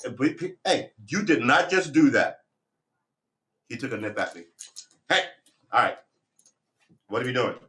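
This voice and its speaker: A man's voice: medium pitch, sing-song, normal speed, pauses often, a bit bright. A man rambling casually on a live stream, talking to viewers and to his puppy, switching to firm commands.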